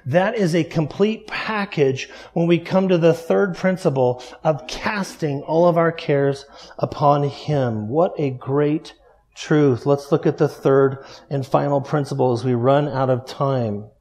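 A man preaching a sermon, emphatic, repeating key phrases and dropping softly low for stress. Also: a little slow. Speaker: pastor.

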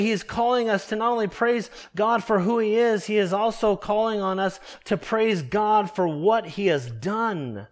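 Male preacher, expository sermon; high-pitched, deliberate and emphatic delivery. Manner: slow, emphatic phrasing with drawn-out key words.

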